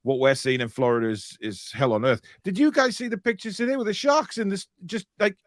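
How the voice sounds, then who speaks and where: A man's voice: high-pitched, a little fast, no echo, clean studio sound. A middle-aged man co-hosting a casual live stream, reading out viewer comments in a jokey, rambling way with many restarts.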